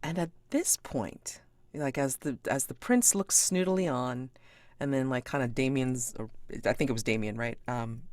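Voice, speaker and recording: A woman's voice: extremely low pitch, moderate pace, a little mellow, no room sound. A woman narrating as game master of a tabletop game in a rambling, hesitant way.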